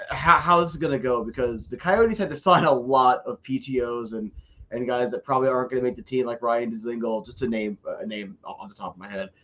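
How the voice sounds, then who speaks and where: A man's voice: medium pitch, fairly bright tone, dull audio. A man co-hosting a casual sports podcast, joking and rambling and often repeating words as he talks. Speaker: podcast co-host.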